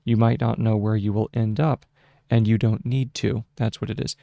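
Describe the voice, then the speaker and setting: A man hosts a casual shorthand tutorial, thinking aloud at his desk in a slow, halting way full of fillers and restarts. His voice is lowish, gravelly, and mellow with a flat delivery, captured on a close desk microphone with a mute button and no room sound.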